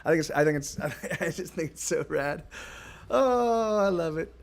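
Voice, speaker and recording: A man's voice: a little high, lively intonation, unhurried, vocal fry. A man streaming live from a home studio, singing his own songs with a guitar, then chatting with viewers in a stammering, laughing way.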